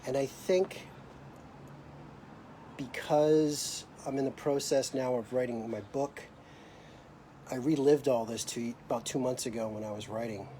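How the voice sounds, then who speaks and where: A man's voice: medium pitch, steady tone, a little slow, pauses often, dark tone, a little hiss or hum. A middle-aged American man hosting a live video, telling a personal story in a reflective, hesitant way with many fillers and restarts. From United States.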